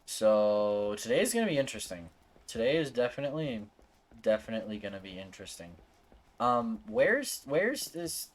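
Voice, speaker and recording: A man's voice: fairly low pitch, very animated, normal speed. A man streaming a video game, chatting casually in a playful, rambling, self-mocking way while sleepy and yawning. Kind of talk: casual gameplay chat.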